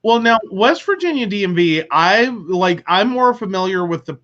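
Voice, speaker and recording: A man's voice: sits high, expressive, moderate pace, fairly bright tone, dull audio. A man hosting a casual talk show, rambling along with many filler words. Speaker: host. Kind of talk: casual chat.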